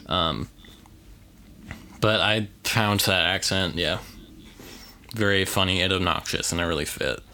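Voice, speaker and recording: A man co-hosting a movie podcast talks in a loose, rambling way, full of fillers and dry jokes. His voice sits a little low, with a bright, forceful edge. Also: measured pace, long pauses, slight background noise. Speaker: podcast co-host. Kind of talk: casual movie review chat.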